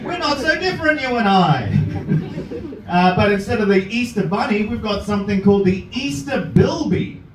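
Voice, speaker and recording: A man's voice: sits high, animated, normal speed. A man with an Australian accent doing a crude stand-up set on a comedy club stage, riffing brashly with the audience. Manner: brash, crude crowd work. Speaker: stand-up comic. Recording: roomy club sound from far off, loud crowd.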